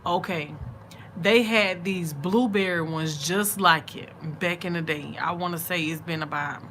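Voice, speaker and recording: A middle-aged woman, chatting with her viewers late at night in a sleepy, drawn-out, easygoing way. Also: lowish voice, slight background noise. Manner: chatty and drawn-out, soft and sleepy, murmured asides. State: sleepy, yawning. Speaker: vlogger on a late-night livestream.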